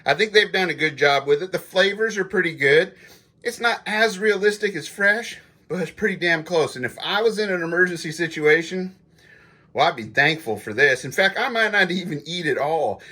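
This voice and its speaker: A man's voice: high voice, animated, moderate pace, sharp tone, husky. A middle-aged man hosting a casual food review vlog, chatting folksily to his viewers while he tastes food. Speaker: prepper channel host.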